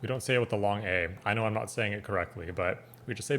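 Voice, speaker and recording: Man, Californian accent, fairly low voice, casual reaction host, easygoing. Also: fast talker, fairly bright tone, a little hiss or hum. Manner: easygoing, trying words aloud.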